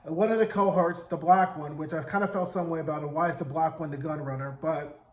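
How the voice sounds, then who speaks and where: Sassy high-voiced man recapping a show. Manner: sassy, animated, acts out characters' lines in quick voices. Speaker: TV recap vlogger. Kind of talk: casual TV episode recap. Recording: roomy echo.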